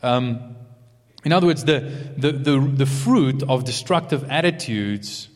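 A man giving an earnest sermon, moving between emphatic points and soft asides. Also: mid-range voice, measured pace. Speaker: preacher. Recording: long hall reverb.

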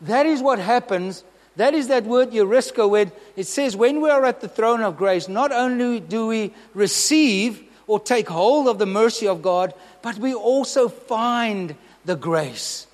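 A man's voice: sits high, lively intonation, unhurried, big-room sound. A man preaching a sermon, earnest and emphatic, asking the congregation questions.

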